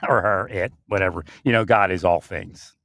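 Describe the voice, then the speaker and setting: A man's voice: deep voice, moderate pace, fairly bright tone, no echo, clean studio sound. A man giving a rambling spiritual monologue, often breaking into laughter and restarting his sentences. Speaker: spiritual speaker.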